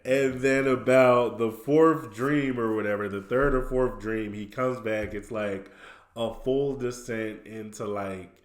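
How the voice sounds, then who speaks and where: A man chats through a cartoon episode on a podcast, mixing quick quoted voices and chuckles into his retelling. His voice sits mid-range and rings in an echoey room. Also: medium pitch, fairly even intonation. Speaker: podcast co-host. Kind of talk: casual podcast recap.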